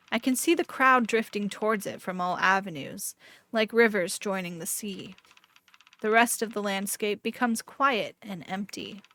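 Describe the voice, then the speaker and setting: A woman streamer narrating an interactive mystery book aloud, playful and animated between passages. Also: mid-range voice. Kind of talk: dramatic read-aloud narration.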